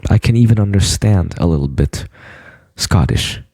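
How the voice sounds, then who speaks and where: A man's voice: sits low, lively intonation, normal speed, warm tone, no room sound. A man in a boastful, blunt, profane monologue to camera. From United States. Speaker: vlogger.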